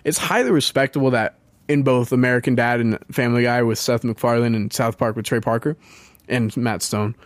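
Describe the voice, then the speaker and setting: A man's voice: medium pitch, steady tone, a little fast, no echo. Young man with a slight lisp. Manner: rambling, laughing, swearing, trips over words. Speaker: podcast co-host. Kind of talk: casual chat.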